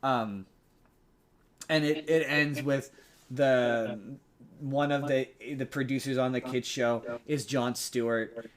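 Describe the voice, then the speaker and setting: A man's voice: medium pitch, steady tone, slow. Rambling man recapping a movie. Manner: rambling, many restarts and fillers. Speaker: podcast host. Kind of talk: casual chat, recapping a movie.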